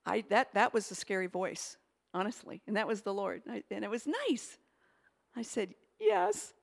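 A woman preaching a sermon with an emphatic, expressive delivery, swinging between loud and hushed. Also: medium pitch, normal speed, gravelly.

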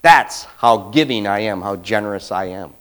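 A man preaching a conversational sermon as a pastor, swinging between quiet asides and loud emphatic bursts and acting out quotes. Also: on the low side, normal speed, clean tone, poor audio.

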